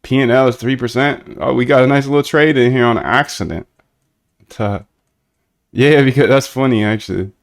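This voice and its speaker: A young man live-streaming while coding a trading bot, chatting casually with viewers in slangy banter, sometimes flat and monotone, sometimes lively. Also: lowish voice. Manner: laid-back slangy banter with chat, shifts between flat monotone and lively bursts.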